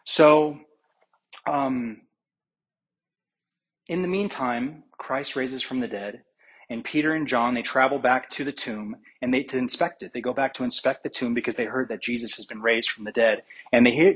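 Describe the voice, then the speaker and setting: A man preaching with a husky, breathy voice at an ordinary pitch. He retells scripture as a story, slipping into the words of its figures and pausing with fillers as he thinks aloud. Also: rough recording. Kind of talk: sermon.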